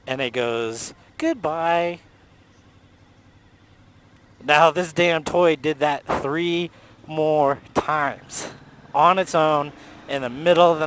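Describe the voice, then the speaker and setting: A man telling a ghost story in a loose, profane, animated way while riding a motorcycle outdoors. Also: medium pitch, slight background noise. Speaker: motovlogger. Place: outdoors on a motorcycle on city roads.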